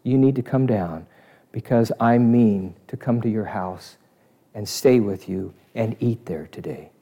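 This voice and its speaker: A man voicing a calm, gentle grown man who speaks in a hushed, low way. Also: a little slow.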